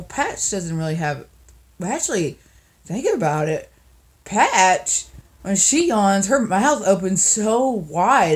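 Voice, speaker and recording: Tired, rambling young woman vlogger. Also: on the low side. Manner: rambling, giggly, trailing off into soft mumbles. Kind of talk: casual rambling vlog.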